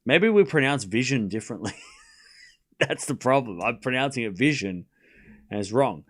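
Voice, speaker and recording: This Australian streamer has a medium-pitched, expressive voice and a moderate pace. He hosts a live tennis watchalong, chatting casually, playfully repeating words, and responding to his chat.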